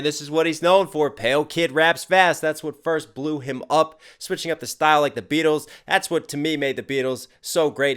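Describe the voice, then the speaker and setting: A man's voice: medium pitch, fairly bright tone, clean tone. A man reacting to a rap video, enthusiastically analyzing the lyrics with casual swearing. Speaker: rapper reacting to music videos.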